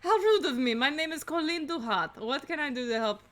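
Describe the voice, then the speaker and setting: In a let's play, a woman reads dialogue in a high, animated, slightly bright voice, a little fast. She voices a prim, courteous giraffe housemaid with a put-on French accent, sounding polite.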